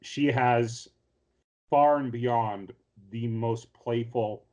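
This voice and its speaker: A man's voice: mid-range voice, fairly even intonation, drawn-out words, a little mellow. Rambling man recapping anime with fillers. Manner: rambling storyteller, acts out character lines with many fillers. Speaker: podcast co-host. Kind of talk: casual chat recapping anime and manga.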